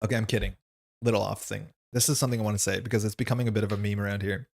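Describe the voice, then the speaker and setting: A man's voice: lowish voice, fairly even intonation, racing, vocal fry, darkish tone. A young man chatting casually on a livestream, reading chat questions aloud and rambling with lots of "like". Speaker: streamer host reading chat.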